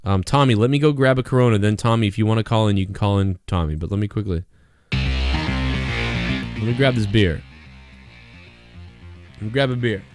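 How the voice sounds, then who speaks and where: A man's voice: fairly low pitch, racing, few pauses, darkish tone, faint music behind. A man hosting a live call-in stream in casual, rambling chat, laughing often and repeating himself. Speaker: host of a live call-in show.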